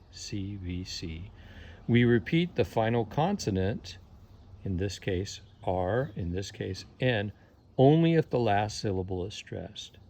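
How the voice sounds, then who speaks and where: A man's voice: on the low side, gravelly, darkish tone. A man teaching English grammar, patiently spelling words out letter by letter and repeating each rule. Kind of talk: slow spelling-out lesson.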